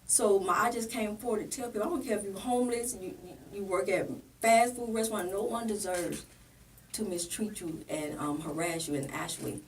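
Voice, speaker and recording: A woman's voice: medium pitch, fairly even intonation, a little fast, distant mic, slight background noise. Earnest woman pastor telling her story. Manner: plain-spoken, earnest, acts out remembered dialogue. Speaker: pastor and political candidate. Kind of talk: emotional personal storytelling in a podcast interview.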